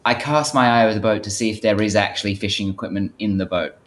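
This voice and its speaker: A man with a low voice talks quickly as a tabletop player, rambling through practical details. A faint background noise sits under his voice. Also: steady tone. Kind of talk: tabletop game chat.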